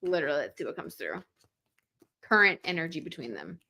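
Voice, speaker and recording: A woman's voice: sits low, big pitch swings, brisk, gravelly, pushed and bright. A young woman hosting a livestream tarot reading, chatting casually and reading viewer comments aloud with many "like" fillers. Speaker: tarot reader and livestream host.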